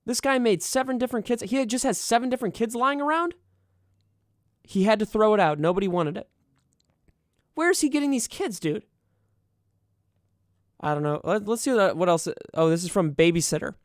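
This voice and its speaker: A man's voice: sits high, no echo, clean studio sound. A young man streaming and chatting casually, sarcastic and profane as he riffs on what he reads. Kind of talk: casual livestream commentary.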